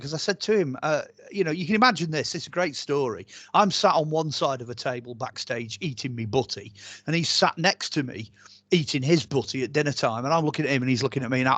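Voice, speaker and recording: Brief: man, archaeologist guest, chatty rambling storyteller, higher voice, dry close sound. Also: dry recording. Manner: chatty and animated, rambling with many fillers and restarts. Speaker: archaeologist and author, interview guest. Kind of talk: casual interview storytelling.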